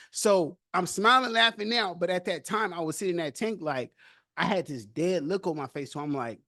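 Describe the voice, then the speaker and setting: A young man hosting a podcast, telling his own story casually with loose street slang and animated retellings. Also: sits high, normal speed, no room sound, clean studio sound.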